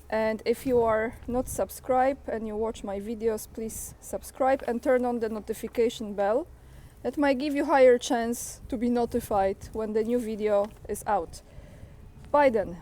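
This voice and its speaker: A woman's voice: a little high, dark tone. A woman vlogger recording on her phone, reading news quotes aloud and breaking in with exasperated remarks. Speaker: political commentary vlogger. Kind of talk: news commentary reading from an article.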